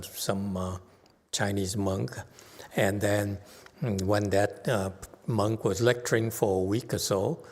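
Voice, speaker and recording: A man giving an informal Buddhist Dharma talk to his congregation, halting with many fillers and chuckling as he talks through slides. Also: lowish voice. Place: temple hall. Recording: long hall reverb.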